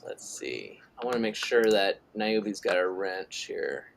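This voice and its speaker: A man's voice: low voice, big pitch swings, measured pace, creaky, a little hiss or hum. A middle-aged man hosting a live drawing stream, chatting casually and reading out viewer messages. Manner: rambling, reads chat messages aloud. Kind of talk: casual chat while drawing.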